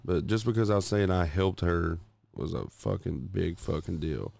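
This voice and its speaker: Deep-voiced guy telling a story with lots of cursing. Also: moderate pace, gravelly. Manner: profane, gets loud and high acting out arguments. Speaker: podcast co-host. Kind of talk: casual chat, storytelling.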